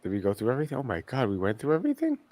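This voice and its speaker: A man's voice: mid-range voice, wildly swooping pitch, rapid-fire, mellow. A man co-hosting a podcast, chatting casually and reacting to clips in a laid-back way with mumbled asides. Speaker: podcast co-host.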